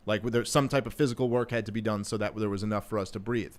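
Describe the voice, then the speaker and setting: A man's voice: lowish voice, steady tone, racing. A man guesting on a talk show, arguing his point in a casual debate and explaining with examples.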